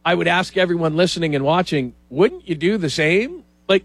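A male talk show host chats casually and holds strong opinions, often slipping into mock quotes. His voice sits a little high, and it is recorded dry and close with no room sound. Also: expressive, fairly quick, few pauses, a bit bright, no room sound.

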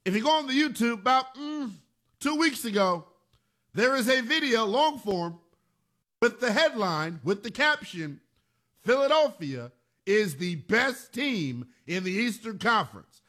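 A man's voice: very high-pitched, sing-song, measured pace, pushed and bright. A man hosting a sports talk radio show, delivering an emphatic monologue and repeating phrases for punch.

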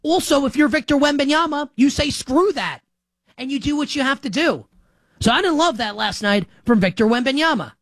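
A man hosting a sports opinion show, talking in an animated, sarcastic way. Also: very high voice, brisk, no room sound. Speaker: sports talk host.

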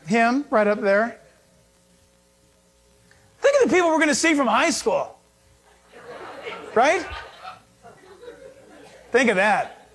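A male pastor preaching a sermon, animated and acting out little scenes with humor. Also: extremely high pitch, a little slow, long pauses, a little hiss or hum.

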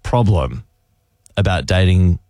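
Drive-time male host, sarcastic and teasing, animated delivery, dry booth. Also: low voice, takes it slowly, no room sound. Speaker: radio host. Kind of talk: drive-time radio banter.

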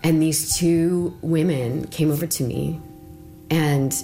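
A woman's voice: low voice, steady tone, a little slow, warm tone, soft background music. A young woman telling her own story in an interview, rambling and full of fillers. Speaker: interviewee recounting her arrest.

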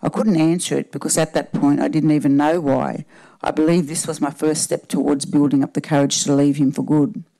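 A woman, a panel guest reading her own personal story aloud in a steady, measured way. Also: low voice, gravelly, poor audio.

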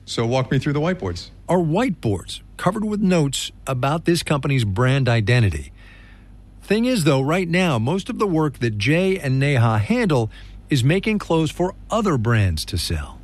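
A middle-aged man hosting a radio business news show, reporting and interviewing with lively, joking asides. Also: on the high side, moderate pace.

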